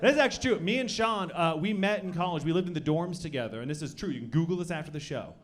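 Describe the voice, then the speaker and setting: Young guy doing deadpan standup on a club stage, kinda high voice, yells the punchlines sometimes. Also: quick pace. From Colorado. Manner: deadpan delivery that bursts into loud shouted act-outs. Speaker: stand-up comedian. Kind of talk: stand-up comedy set. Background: audience laughter.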